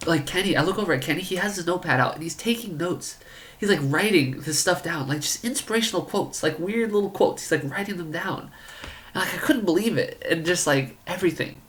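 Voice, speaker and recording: A man's voice: sits high, fairly quick, fairly bright tone. Male storyteller: casual, rambling, incredulous comic delivery. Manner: rambling, incredulous, lots of filler "like". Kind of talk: comedic storytelling.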